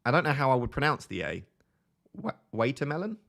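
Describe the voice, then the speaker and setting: A man's voice: medium pitch, lively intonation, racing, creaky, a bit bright. A young man with a light Essex accent, answering viewer chat in a chatty, self-mocking way on a live stream. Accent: light Essex English. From Essex, England.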